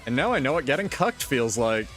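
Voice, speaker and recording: A man's voice: mid-range voice, sing-song, a little fast, a bit bright, soft background music. Profane, ranting male streamer. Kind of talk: casual live-stream chat.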